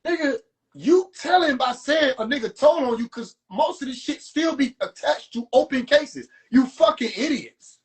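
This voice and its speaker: A man with a high-pitched voice rants on a phone livestream, talking to his viewers. His voice swoops up and down a lot as he mocks and curses. It is loose, profane and animated. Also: moderate pace. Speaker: livestream host. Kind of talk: rant to a live audience.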